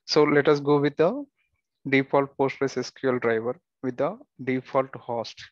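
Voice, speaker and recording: Male tutorial instructor, even mid pitch, dry muffled lo-fi mic, plain walkthrough delivery. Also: a little slow, no echo. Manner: steady step-by-step instructions with occasional fillers and restarts. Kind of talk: screen-recorded software tutorial.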